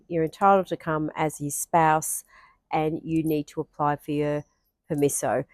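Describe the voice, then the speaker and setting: A woman's voice: deep voice, a little mellow, dry recording. An Australian woman talking through her own experience in a casual vlog, chatty, with frequent ums and restarts. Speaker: vlogger.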